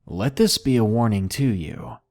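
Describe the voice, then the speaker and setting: A man reading submitted horror stories aloud in a measured, somber first-person narration. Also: lowish voice, expressive, darkish tone.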